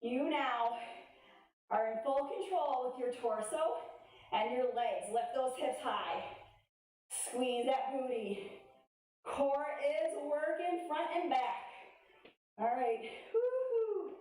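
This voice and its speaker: A woman's voice: sits high, slow pace, long pauses, darkish tone. A woman fitness instructor coaching a workout class, giving upbeat, encouraging cues with laughter between them. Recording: echoey room, voice from a distance.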